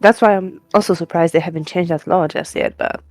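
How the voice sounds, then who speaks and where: Low-voiced woman playing a tabletop game. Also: steady tone, a little fast, darkish tone. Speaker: player. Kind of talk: casual tabletop play.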